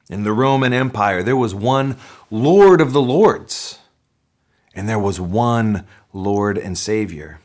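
Animated man preaching a sermon. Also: on the low side. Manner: animated, conversational preaching with restarts. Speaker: pastor.

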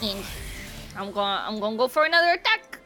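Excitable woman at a tabletop game, lively pitch, music under. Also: quick pace. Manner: excitable, whoops and laughs at good rolls. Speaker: player. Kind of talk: tabletop game play, casual banter.

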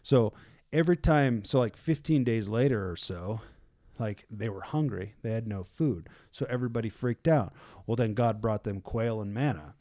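A man in casual faith chat, retelling a Bible story in a loose, animated way, full of fillers and acted-out voices of a panicked crowd. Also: on the low side, moderate pace. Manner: loose and animated, many fillers like "like" and "you know".

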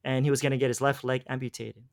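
A man in relaxed conversation tells a long personal story. He rambles, restarts his sentences and drops in slang like "bro". His voice sits at an ordinary middle pitch. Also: quick pace, gravelly. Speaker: guest telling his faith story.

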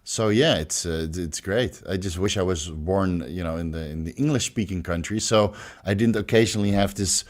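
A man's voice: low-pitched, moderate pace. Dutch-accented man, casual livestream talk. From Netherlands. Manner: loose and profane, many fillers and restarts. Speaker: livestream host. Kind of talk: casual livestream chat, reading viewer comments.

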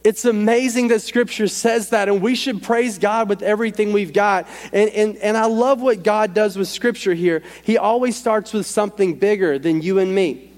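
A man's voice: sits high, moderate pace, darkish tone. A man preaching a sermon as a pastor, impassioned and repeating phrases for emphasis. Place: church sanctuary. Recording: church hall with long reverb and faint music.

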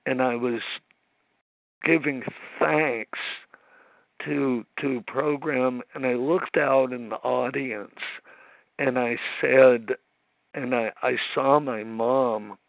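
A man nervously sharing his recovery story at a meeting, halting and emotional with many restarts and pauses, heard over a phone line. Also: medium pitch, steady tone, gravelly, dry recording. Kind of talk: personal recovery share.

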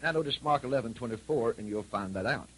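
Husky folksy preacher man. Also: mid-range voice, lively intonation, fast, fairly bright tone, rough recording. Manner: folksy storytelling, repetitive and emphatic. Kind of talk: sermon.

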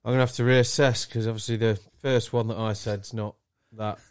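A man's voice: lowish voice, flat delivery, a little fast, clean tone, no room sound, studio quality. A man in a casual chat with friends, joking and playful. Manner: playful, jokey. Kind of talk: casual banter.

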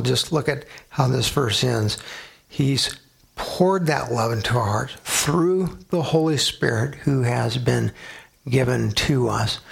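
A man's voice: mid-range voice, gravelly, breathy edge. A man preaching a sermon as a pastor, emphatic, asking the listeners rhetorical questions and answering them.

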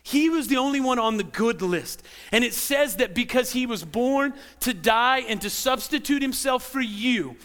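With an extremely high voice, a pastor preaches at a moderate pace, leaving few pauses. He keeps things animated and conversational, repeating words and putting questions to the people listening.

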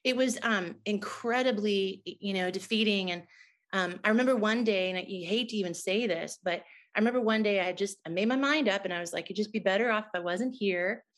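Woman, middle-aged, interview guest, earnest emotional testimony, medium-pitched voice. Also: fairly quick. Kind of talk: personal testimony in conversation.

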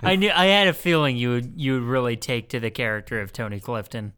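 Laughing podcast host with a smooth voice. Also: male voice, medium pitch, fast, bright, forceful tone. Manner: laughs often, playfully prods his co-host. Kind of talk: casual chat.

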